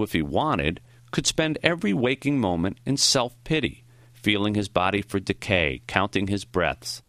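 A man narrating a first-person memoir audiobook in a reflective, measured way. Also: sits low, fairly bright tone, no echo.

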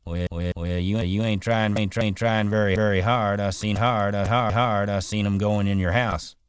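A man's voice: on the low side, fairly even intonation, moderate pace, smooth, no echo, pitched above the performer's own voice, lightly acted. A man voicing an easygoing ranch hand in a storybook reading, speaking in a slightly raised, teasing drawl.

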